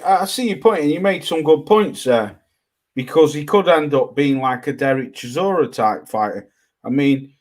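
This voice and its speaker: A man co-hosting a boxing talk show, pushing hard to finish his points in a heated casual debate. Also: medium pitch. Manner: talks over others, insists on finishing. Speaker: podcast co-host.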